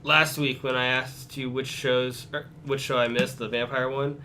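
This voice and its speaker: Bright-voiced, laid-back male co-host. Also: mid-range voice, little pitch movement, moderate pace, a little hiss or hum. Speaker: podcast co-host. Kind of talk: casual chat.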